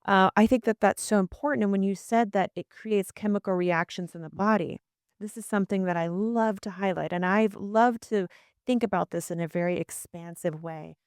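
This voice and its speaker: A woman in her thirties hosting a podcast, reflective and animated as she shares her own experiences. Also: medium pitch, moderate pace, smooth, dry recording, clean studio sound. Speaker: podcast host. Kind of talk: conversational interview.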